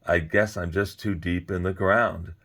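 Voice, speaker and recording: A huge kindly boulder, out of breath and gasping as he apologizes, played by a deep-voiced male storyteller. Low and heavy, from a spoken storybook. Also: fairly even intonation, unhurried, fairly bright tone, full character voice. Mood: apologetic.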